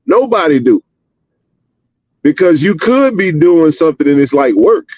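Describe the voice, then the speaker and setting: A man hosting a live sports chat stream, talking casually and repeating points slowly so the audience catches them. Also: on the high side, sing-song, no room sound, highs cut off.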